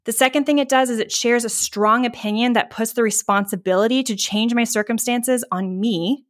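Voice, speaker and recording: A woman's voice: fairly high pitch, moderate pace. A woman hosting a solo marketing podcast, talking in a candid, chatty way, swearing casually and acting out what her listeners might say. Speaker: podcast host, marketing coach.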